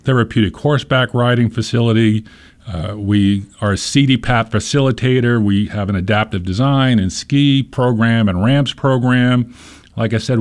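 A man in an interview, earnestly explaining his organization's work with examples and short stories. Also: on the low side. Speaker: nonprofit leader being interviewed. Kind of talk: conversational interview.

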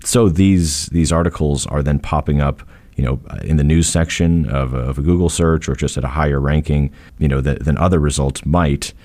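A man from interviewing a guest on public radio, speaking in a measured way and laying things out for listeners. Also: very deep voice, steady tone, a little mellow.

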